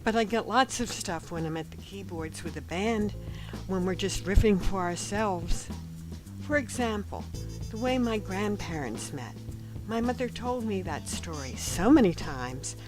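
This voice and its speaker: A woman reading a novel aloud as scripted first-person narration, gentle and even, sometimes dropping to a hush. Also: medium pitch, a little slow, music in the background, low-quality recording. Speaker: audiobook narrator.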